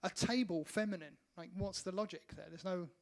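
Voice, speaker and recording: A playful man with a high voice chimes in on a live music stream, tossing out teasing asides. He keeps things light and jokey. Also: brisk. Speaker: band member and co-host. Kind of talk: casual live-stream chat.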